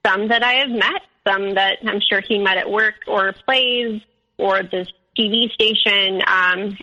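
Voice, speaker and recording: A young woman being interviewed, telling a personal story candidly, with many fillers and animated quotes of others. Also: medium pitch, muffled recording. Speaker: interview guest.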